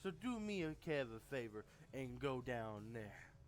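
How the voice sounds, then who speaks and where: A man's voice: medium pitch, very animated, measured pace. A man voicing a swaggering male veteran wrestler who taunts in a streetwise way. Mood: taunting.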